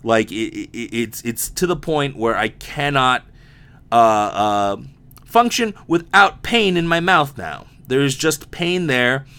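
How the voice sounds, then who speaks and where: A man's voice: mid-range voice, bright, forceful tone, smooth. A young man with a slight lisp and a sore mouth, hosting a casual solo podcast in a rambling, candid way with frequent swearing and restarts. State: sore mouth from impacted wisdom teeth. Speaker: podcast host.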